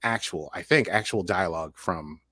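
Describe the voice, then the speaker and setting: A man's voice: low voice, moderate pace, pushed and bright, no room sound, studio quality. A man co-hosting a podcast in casual chat, rambling and jokey. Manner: chatty, rambling, jokey asides. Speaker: podcast co-host.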